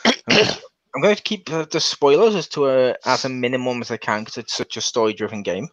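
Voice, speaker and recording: A man's voice: mid-range voice, quick pace, fairly bright tone, no echo. A man hosting a casual game review, rambling along and restarting his sentences. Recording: dull lo-fi.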